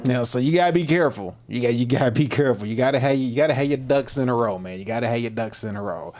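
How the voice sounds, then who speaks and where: A man's voice: mid-range voice, quick pace, darkish tone, slight background noise. A man hosting a fitness livestream, chatting casually in slang and greeting viewers by name.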